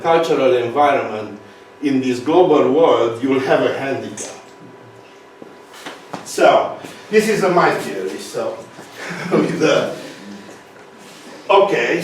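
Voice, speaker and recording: A man with a Romanian accent giving a conference talk, halting with fillers and restarts. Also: a little high, slight background noise. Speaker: speaker. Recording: echoey hall from far off.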